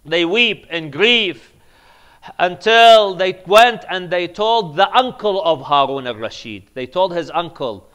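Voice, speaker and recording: A man giving a sermon, moving between hushed grieving tones and loud, emphatic preaching, with Arabic devotional phrases woven in. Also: high voice, animated, takes it slowly, clear, resonant tone. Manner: swings from hushed, near-whispered grief to loud, emphatic preaching. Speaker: imam giving a majlis sermon.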